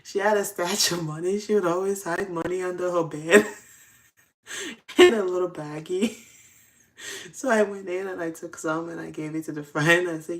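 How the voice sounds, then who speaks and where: A woman's voice: lowish voice, normal speed. A young adult woman casually telling confessional stories, often breaking into laughter. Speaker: host. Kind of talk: casual storytelling.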